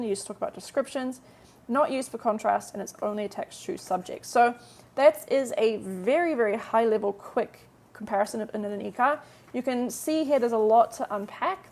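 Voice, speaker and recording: A talkative woman leads a live-streamed Korean lesson, going through each point one at a time. Her voice is a little high with a gravelly fry, and she slows right down when modeling English translations.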